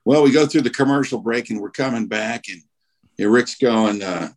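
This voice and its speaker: A man's voice: medium pitch, normal speed. A man casually telling a funny story among friends, acting out what people said. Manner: animated storyteller acting out quotes. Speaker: radio show regular telling a story.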